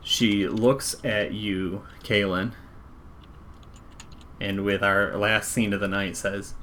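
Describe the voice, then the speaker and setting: A man running a tabletop game as game master, narrating in a relaxed, rambling way. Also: fairly low pitch, slow pace, pauses often, slight background noise. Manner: relaxed, rambling wrap-up with fillers.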